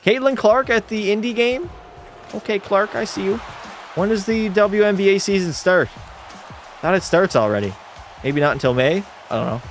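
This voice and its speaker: A young man talks through a hockey game on his live stream, calling the plays and firing blunt, jokey replies back at his chat. His voice sits a little high. Faint music plays under him. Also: normal speed. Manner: blunt, chatty, reacts to chat with jokey banter. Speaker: streamer hosting a hockey watch party.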